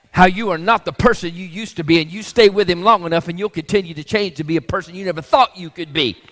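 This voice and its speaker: A man's voice: a little high, fairly bright tone. Man preaching in a reverberant church. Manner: preaching with rhetorical questions to the congregation. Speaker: pastor. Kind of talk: sermon.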